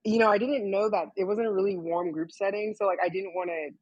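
A woman's voice: medium pitch, fairly even intonation, fast, darkish tone, husky, no echo, lo-fi sound. A young woman telling a story in a casual interview, saying "like" constantly and laughing often. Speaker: guest, nude model.

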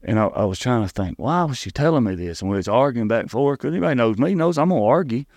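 A middle-aged man with a Tennessee Southern accent, telling his story as an interview guest in an earnest, halting way, often restarting and repeating words. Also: medium pitch, lively intonation, darkish tone, no room sound, clean studio sound.

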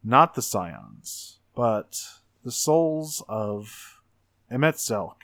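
A man's voice: medium pitch, big pitch swings, extremely slow, fairly bright tone, no echo, clean studio sound. A man co-hosting a podcast, retelling a story step by step in a casual chat and acting out character lines along the way. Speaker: podcast co-host. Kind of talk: casual game discussion.

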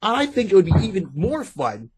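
A man's voice: high-pitched, huge pitch swings, normal speed, background noise. A man co-hosting a podcast, chatting casually and rambling with restarts and asides. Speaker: podcast co-host. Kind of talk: casual chat.

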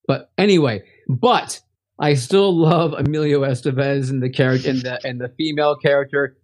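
A man's voice: medium pitch, moderate pace, a little mellow. A man co-hosting a casual movie-review podcast, rambling with many restarts and frequent laughs. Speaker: podcast co-host.

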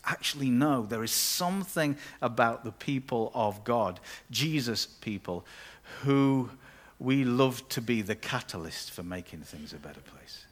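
Conversational preacher. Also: male voice, mid-range voice, expressive, unhurried, few pauses. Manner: conversational, with playful asides. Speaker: pastor. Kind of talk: sermon.

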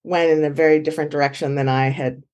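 A woman guest, a dog trainer, telling her story in an animated way and acting out quoted dialogue. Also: low voice, quick pace, clear, resonant tone, dull audio. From San Francisco Bay Area. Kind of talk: conversational storytelling.

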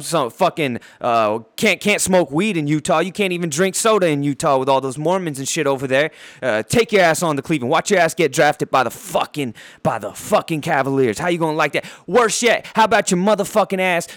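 A man's voice: on the high side, a bit bright, dry recording. Fired-up, profane man ranting. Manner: heated, swearing, stumbling over words. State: fired up, bouncing around. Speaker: podcast host. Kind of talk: profane sports rant. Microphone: handheld mic.

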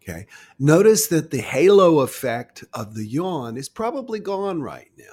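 A middle-aged man gently coaching listeners through a stress-relief exercise in a guided self-help talk. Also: on the high side, sing-song, moderate pace, husky. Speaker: wellness guide.

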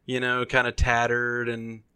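A man's voice: mid-range voice, monotone, measured pace, pushed and bright, smooth, no echo. A man co-hosting a casual podcast, teasing and joking as he talks. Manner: joking, teasing, acts out voices for bits. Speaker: podcast co-host. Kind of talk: casual chat.

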